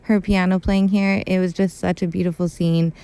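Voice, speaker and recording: A woman's voice: on the low side, little pitch movement, moderate pace, dark tone, smooth. A young woman, a YouTuber, chatting casually and emotionally through a recap of a TV episode, saying "like" and "super" a lot. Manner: gushing and emotional, heavy use of "like" and "super".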